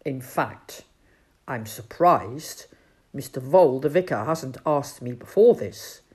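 A woman's voice: extremely low pitch, lively intonation, a little mellow, husky, voice pushed down, heavily acted. A woman doing a pompous, lecturing old-school owl. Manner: measured, lecturing. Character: pompous clever male owl, self-important.

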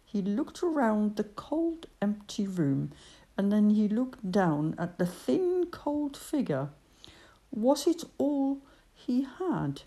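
A woman reading a storybook aloud with expressive, gentle storytelling. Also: medium pitch, slow pace.

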